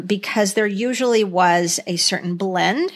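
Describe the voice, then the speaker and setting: A woman's voice: mid-range voice, a little slow. A woman co-hosting a podcast, chatting casually and recalling things thoughtfully and in detail. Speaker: podcast co-host. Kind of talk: casual chat.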